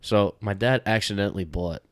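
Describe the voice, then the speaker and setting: A man's voice: on the low side, a little fast, no room sound, studio quality. A young man co-hosting a podcast, chatting casually, rambling with lots of filler words and swearing. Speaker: podcast co-host. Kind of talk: casual chat.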